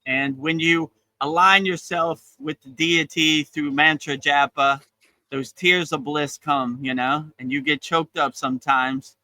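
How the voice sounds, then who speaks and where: A man giving a casual spiritual talk as a teacher, relaxed and encouraging, often repeating his phrases. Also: fairly high pitch, a little slow, no room sound, poor audio. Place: outdoors on a beach.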